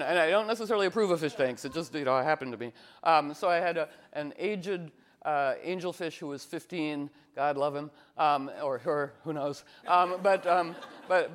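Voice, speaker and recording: Rambling man, lively fillers. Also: fairly high pitch. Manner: meandering, full of fillers and restarts; animated, slips into playful cooing voices. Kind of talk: rambling casual monologue.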